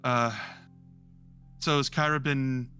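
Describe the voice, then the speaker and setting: A man running a tabletop game as game master, his voice bright and clear. He narrates loosely and relaxed, full of ums. Faint music is in the background. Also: mid-range voice, slow pace. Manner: relaxed, with many fillers.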